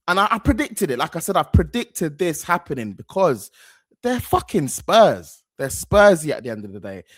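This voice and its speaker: On his football channel, a man hosts a reaction video, rambling casually, stacking slang and repeating himself. His pitch leaps up and down as he gets worked up, and the recording is close and dry with no room sound.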